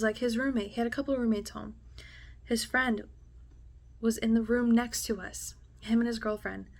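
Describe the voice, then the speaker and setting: A woman's voice: mid-range voice, creaky. Young woman telling a raw personal story. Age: young adult. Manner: candid and emotional, heavy on "like" and swearing; drops to a hushed near-whisper at intense moments. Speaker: vlogger.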